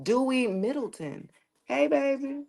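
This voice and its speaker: A woman's voice: high-pitched, lively intonation, measured pace, creaky, darkish tone. A woman reading tarot on a live stream, chatting casually and joking with slang and profanity, often laughing as she talks.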